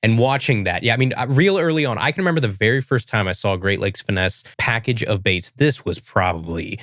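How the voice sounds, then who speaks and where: A man hosting a fishing podcast, chatting with his guest in a relaxed way. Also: lowish voice, brisk, dry recording, studio quality. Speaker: podcast host. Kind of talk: casual interview chat.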